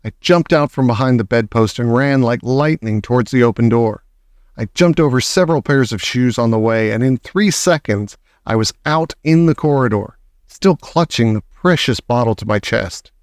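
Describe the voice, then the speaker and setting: A man reading a children's novel aloud in a measured, expressive first-person narration. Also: medium pitch, smooth, no room sound, studio quality. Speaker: audiobook narrator. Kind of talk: storybook reading.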